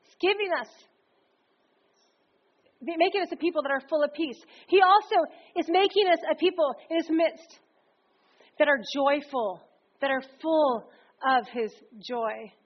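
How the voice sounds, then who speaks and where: A woman preacher delivering a sermon in a conversational, energetic way, often slipping into acted quotes. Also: high-pitched, measured pace, long pauses. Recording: dull lo-fi recording.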